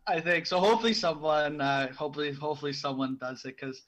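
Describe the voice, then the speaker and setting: Rambling young man, slightly high. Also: quick pace, a bit bright, poor audio. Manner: rambling, full of restarts and fillers. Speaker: podcast co-host. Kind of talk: casual chat.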